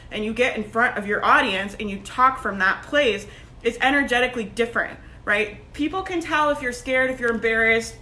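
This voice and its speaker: A woman's voice: a little high, a little fast. A woman, a business coach talking casually and energetically to her online group, laughing often. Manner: chatty and energetic, laughs often, says like and right a lot. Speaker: business coach hosting a Facebook group live video. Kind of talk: casual motivational live-stream talk.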